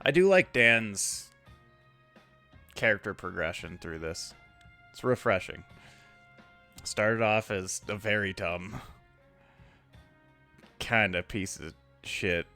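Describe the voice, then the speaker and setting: A man streaming a video game, giving relaxed, offhand commentary. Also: on the low side, slow, pauses often, soft background music. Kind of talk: casual gameplay commentary.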